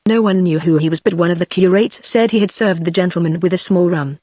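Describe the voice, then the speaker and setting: A text-to-speech woman's voice with a British English accent, reading an audiobook in an even, measured way. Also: lowish voice, dry recording. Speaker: audiobook narrator. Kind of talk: synthetic audiobook narration.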